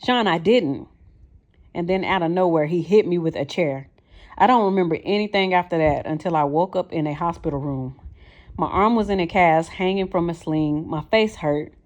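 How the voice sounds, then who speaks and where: A woman narrating a first-person memoir for an audiobook. Her voice sits a little low, and her delivery is plain and earnest. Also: fairly quick, a little mellow, muffled recording.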